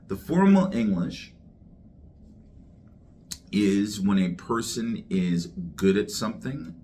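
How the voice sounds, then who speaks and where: A man teaching English slang, speaking slowly and deliberately, repeating each word for learners. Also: fairly low pitch, a little hiss or hum. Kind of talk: slang vocabulary lesson to camera.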